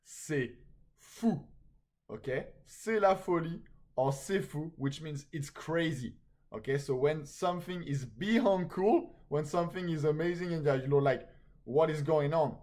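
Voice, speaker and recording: Man, fairly high voice, lively live-class slang teacher who keeps asking "okay?". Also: a little slow. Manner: animated, repeats "okay?" after each point.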